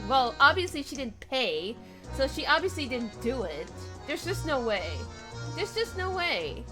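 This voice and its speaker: A young woman streamer chatting and joking over her game, with a high voice that swoops up and down. Game music plays clearly in the background. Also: very animated, a little slow. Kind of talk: casual let's-play commentary.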